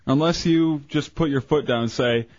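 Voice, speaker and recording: A man's voice: a little high, moderate pace, no echo. A man co-hosting a call-in radio show, joking and blunt. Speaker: radio co-host. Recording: dull lo-fi radio broadcast.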